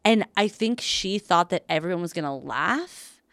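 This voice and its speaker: A woman's voice: fairly low pitch, lively intonation, normal speed, fairly bright tone, dry recording, studio quality. A woman in her thirties co-hosting a chat in a hotel room, telling a story in a rambling way with many fillers and laughs. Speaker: podcast co-host.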